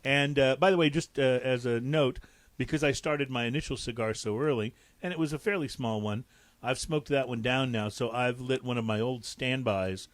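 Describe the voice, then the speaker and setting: Relaxed male podcast host, dry sound. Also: medium pitch, moderate pace, dry recording. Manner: relaxed, enthusiastic about cigars. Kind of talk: casual tasting talk.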